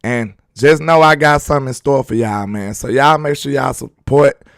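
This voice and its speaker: A man's voice: medium pitch, normal speed, fairly bright tone, no room sound, studio quality. Laid-back slangy man hosting a live stream. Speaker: sports live-stream host. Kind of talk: casual live-stream commentary, reading chat aloud.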